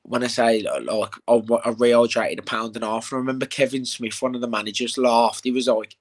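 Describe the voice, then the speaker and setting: A young man in a casual interview, telling animated stories with plenty of swearing and "mate.". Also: medium pitch, a little fast. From England. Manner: animated storytelling, swears, says "mate" a lot. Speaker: bare-knuckle fighter, interview guest.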